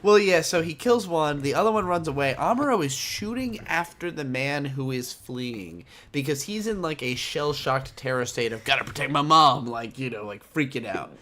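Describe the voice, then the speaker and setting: A man hosting a casual anime podcast, excitedly retelling an episode and swearing freely. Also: fairly high pitch, moderate pace, few pauses, slight background noise. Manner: excitable, swears a lot, animated storytelling. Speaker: podcast host. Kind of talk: casual chat, recapping anime.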